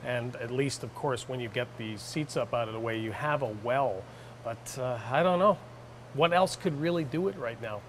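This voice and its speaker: A man's voice: medium pitch, normal speed, a little hiss or hum. Joking Canadian man reviewing a car. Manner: jokey, animated asides. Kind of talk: casual banter reviewing a vehicle.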